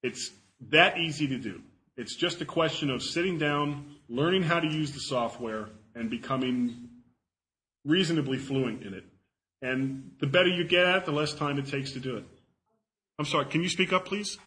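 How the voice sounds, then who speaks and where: A man speaks to a live audience in a bright, forceful voice. He is chatty and loose, repeats words while thinking, and jokes at his own expense as he answers questions. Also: a little high, moderate pace, low-quality recording. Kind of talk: casual talk to a live audience. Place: talk before an audience.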